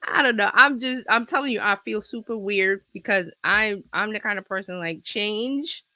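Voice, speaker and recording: Woman, livestream host, bright tone, rambling casual chat, slight cold, dry close sound. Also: medium pitch, moderate pace, no echo. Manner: chatty, rambling, laughs often. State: slight cold, scratchy throat. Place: home office. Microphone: laptop with external mic.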